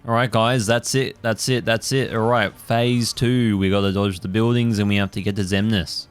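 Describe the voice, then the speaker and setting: A man giving let's play commentary with a somewhat low, smooth voice. He talks casually and rambles, full of fillers and occasional swearing. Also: steady tone, moderate pace, faint music behind. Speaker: gaming channel host.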